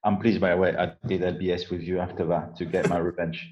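A middle-aged man from the south of France with a French accent, a guest telling his career story in a relaxed, self-deprecating way. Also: deep voice, fast, slight background noise. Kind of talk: casual interview. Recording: dull lo-fi sound.

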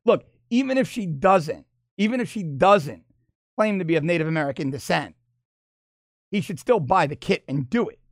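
A middle-aged man holding forth as a political commentator, his pitch swinging widely as he mocks his targets and breaks into laughter. His voice sits a bit high for a man and sounds close and dry, with no room around it. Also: moderate pace, dry recording. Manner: animated, mocking, laughs while talking. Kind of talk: opinion monologue.

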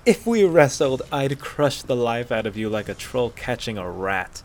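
A man's voice: mid-range voice, lively intonation, moderate pace, natural voice. A man voicing a bold, teasing young Nord huntress in a fan-fiction audiobook, brash and taunting. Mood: boastful.

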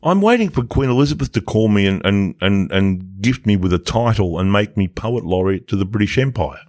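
Blunt crude man with a low voice. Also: a little fast, no room sound, studio quality. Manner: blunt, crude, deadpan jokes. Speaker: podcast co-host. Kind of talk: casual sports chat.

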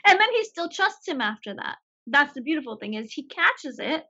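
A woman with a bright, rather high voice gushes about a film on a casual podcast and laughs often. Her delivery is eager and chatty. The recording sounds dull and somewhat lo-fi. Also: sing-song, normal speed, hardly any pauses. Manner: giggly, enthusiastic, laughs often. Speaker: podcast co-host. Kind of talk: casual movie discussion. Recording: dull lo-fi audio.

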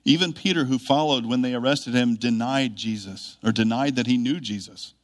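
A man preaching a sermon in an earnest, measured way, with emphatic rises when he reads scripture. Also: medium pitch.

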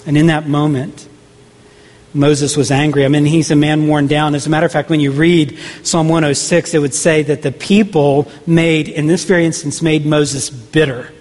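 A man's voice: on the high side, fairly even intonation, normal speed, a little mellow. Preaching man in a reverberant church. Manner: conversational, rhetorical questions, frequent restarts. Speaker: pastor. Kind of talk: sermon. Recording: long reverb of a large hall.

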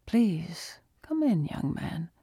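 A woman reading an audiobook, voicing a suave, mocking male cult leader who drops into hushed whispers. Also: on the low side, very animated, takes it slowly, breathy edge, dry recording, clean studio sound, full character voice. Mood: courteous.

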